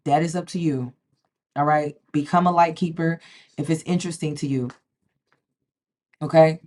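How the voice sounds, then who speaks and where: A woman's voice: deep voice, fairly even intonation, moderate pace, a little mellow, slight background noise. A woman talks straight to her viewers in a casual vlog. She is emphatic, stumbles and repeats words, and keeps checking in with "okay?". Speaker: spiritual vlogger. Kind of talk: casual direct-to-camera talk.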